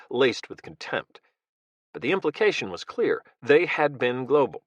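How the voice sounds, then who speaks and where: A man reading a thriller audiobook in a steady, measured narration. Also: on the low side, no echo, highs cut off.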